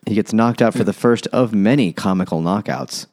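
Very deep-voiced man with dry quips. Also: normal speed, darkish tone. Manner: dry one-liner quips. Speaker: podcast co-host. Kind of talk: casual book-club chat.

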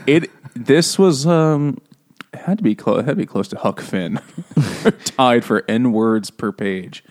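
A man's voice: medium pitch, a little slow, darkish tone. Profane joking man retelling a plot. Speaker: podcast co-host. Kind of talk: casual book-club chat over beer.

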